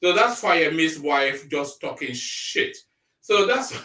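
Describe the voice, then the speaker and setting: A man's voice: on the high side, animated, slow, pushed and bright. A man hosting a live stream, reading news aloud and breaking off into rambling, blunt, mocking asides. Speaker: live-stream commentary host. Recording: echoey room, voice a bit far from mic.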